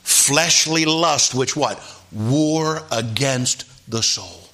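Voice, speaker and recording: A male pastor delivering a sermon, swinging between quiet low asides and high, shouted exclamations. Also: drawn-out words. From Philadelphia area.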